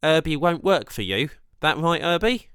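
A man's voice: a little high, very animated, normal speed, a bit bright, clean tone, no echo, clean studio sound, pitched above the performer's own voice. A man voicing a cocky, flippant male prisoner in an audiobook. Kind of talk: audiobook character voice.

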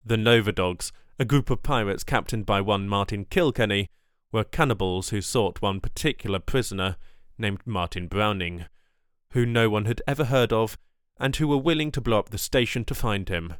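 Low, smooth male audiobook narrator. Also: moderate pace, no room sound, clean studio sound. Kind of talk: first-person audiobook narration.

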